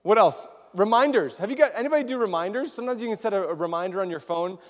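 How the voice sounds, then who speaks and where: A man's voice: sits high, lively intonation, fast. A man giving a casual sermon to a congregation, chatty and questioning the audience. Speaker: preacher. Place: large hall with congregation. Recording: long echoing hall reverb.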